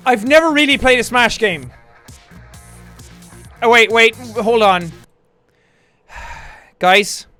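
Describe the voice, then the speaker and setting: A man hosting a casual livestream, chatting in a jokey, excitable way, with bursts of shouting and laughter. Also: very high-pitched, slow, long pauses. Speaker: livestream host. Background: faint background music.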